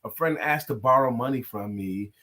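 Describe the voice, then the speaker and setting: A man's voice: mid-range voice, moderate pace, pushed and bright. A man co-hosting a casual talk show, playful and teasing, who laughs often and sings bits of songs. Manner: sings lines of a song. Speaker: co-host. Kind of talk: casual chat.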